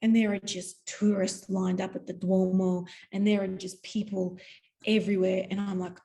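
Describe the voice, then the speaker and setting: An Australian woman, a podcast guest, telling a story in a lively, animated way and acting out voices. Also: medium pitch, moderate pace, low-quality recording. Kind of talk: storytelling interview.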